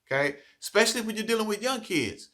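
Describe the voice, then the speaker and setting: A man's voice: high-pitched, lively intonation, quick pace, sharp tone. Earnest man coaching teachers. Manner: earnest, coaching, frequent "okay?" check-ins. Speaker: trainer of childcare teachers. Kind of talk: staff training talk.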